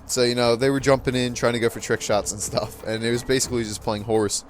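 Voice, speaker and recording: A man's voice: medium pitch, level tone, fast talker, soft background music. A teenage boy casually telling a funny story while playing a video game, laughing often and acting out what people said. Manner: chatty, laughs often, acts out quotes. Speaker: gaming channel host. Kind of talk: casual storytelling over gameplay.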